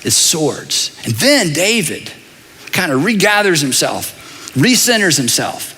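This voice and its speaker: Middle-aged man preaching, high and sharp in tone, animated delivery, echoing hall. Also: takes it slowly, slightly rough. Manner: animated, conversational preaching with repeated phrases and asides. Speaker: pastor. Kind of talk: sermon. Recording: long reverb of a large hall.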